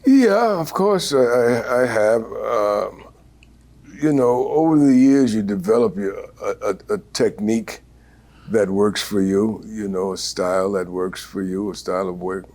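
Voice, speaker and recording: An older man, a veteran actor, telling stories in an interview in an unhurried, animated way with many fillers and a husky voice. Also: lowish voice. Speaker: guest actor. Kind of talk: storytelling interview.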